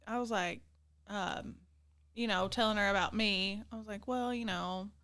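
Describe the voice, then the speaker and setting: A woman's voice: mid-range voice, normal speed, clean tone. A woman co-hosting a casual podcast chat, telling stories and acting out both sides of a conversation. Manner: animated storyteller, acts out quoted talk. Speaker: podcast co-host, youth leader.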